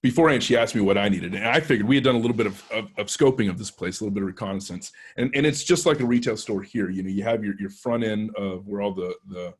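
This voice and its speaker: Low husky Texan man telling a story. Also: fast, hardly any pauses. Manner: rambling anecdotal delivery, frequent hesitations and restarts. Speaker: penetration tester guest speaker. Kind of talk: storytelling talk to a club.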